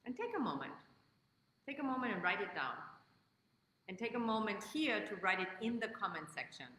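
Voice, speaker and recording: A woman hosting a live-stream coaching session, greeting viewers by name and leading slow guided breathing. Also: medium pitch, animated, pushed and bright, a little hiss or hum. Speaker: host and life coach. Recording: echoey room with long reverb.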